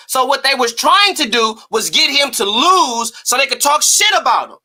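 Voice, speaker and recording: A man's voice: extremely high pitch, very animated, bright, forceful tone. A man hosting a boxing talk stream who rants emphatically and profanely, firing off rhetorical questions. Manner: emphatic, profane, rapid-fire rhetorical ranting. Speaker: host.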